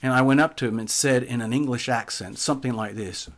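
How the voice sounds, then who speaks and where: Man, storyteller, calm, measured, middle pitch, soft trailing endings. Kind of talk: spoken first-person story.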